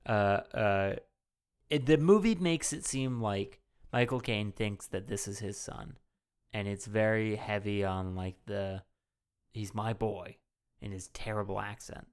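A man co-hosting a casual movie chat, talking in a smooth, resonant, rather low voice. He rambles through his retelling with lots of fillers and restarts. He swears freely and gets worked up easily. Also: unhurried. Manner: rambling and animated, heavy profanity, many fillers. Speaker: podcast co-host.

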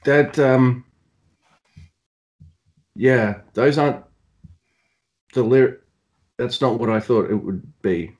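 A man's voice: mid-range voice, takes it slowly, long pauses. A man with an Australian accent, chatting casually and rambling with jokes as a podcast co-host. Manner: rambling, joking, self-deprecating. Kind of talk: casual chat.

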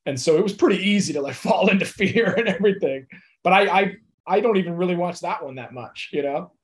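Pitched high with lively intonation and a fairly quick pace, this young actor guest keeps the interview chat relaxed. He laughs easily and fills his speech with lots of fillers.

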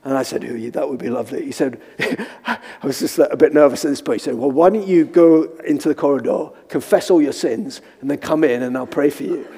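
A man's voice: a little fast, hardly any pauses, dark tone, slightly rough. Man preaching in a reverberant hall. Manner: storytelling, acting out quotes with high squeaky voice for himself. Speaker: pastor. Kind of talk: sermon with personal stories.

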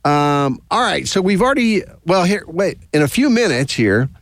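A man hosting a weekly high school football radio show from a studio, chatting casually with lots of fillers. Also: sing-song, moderate pace, a bit bright, no echo. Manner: easygoing, rambling with many fillers. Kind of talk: casual sports radio chat.

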